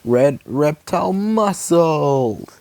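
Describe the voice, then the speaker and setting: A boastful reptile villain with a raised, gloating voice, put on by a man reading aloud. The lines swing up and down and come slow and dry. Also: a little high, expressive, gravelly, a little mellow, dry recording, voice pushed up, heavily acted.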